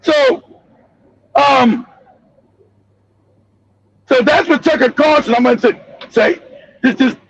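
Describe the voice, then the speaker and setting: A male live stream host giving heated, profane political commentary, ranting and often shouting. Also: very high-pitched, very animated, slow, gravelly, pauses often, husky, lo-fi sound.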